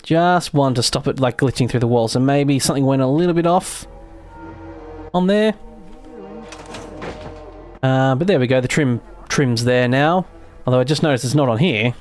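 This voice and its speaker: Soft background music plays as this Australian streamer, mild accent and all, rambles through a livestream while building in a game. He laughs easily, often trails off mid-sentence, and speaks at normal speed in a mid-range voice, pausing often.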